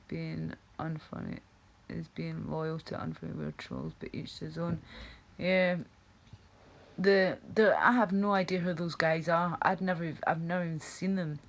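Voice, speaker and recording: A woman's voice: sits low, highs cut off. A woman live-streaming, rambling through casual chat, reacting to her viewers, laughing often and swearing freely.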